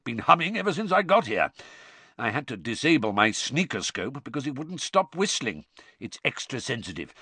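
A man growling as a gruff old wizard. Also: mid-range voice, big pitch swings, normal speed, sharp tone, no echo, pitched above the performer's own voice, exaggerated voice.

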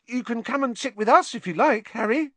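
A man voicing an eager young schoolboy who hero-worships a classmate, calling out excitedly. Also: extremely high pitch, a little fast, no room sound, pitched above the performer's own voice, heavily acted.

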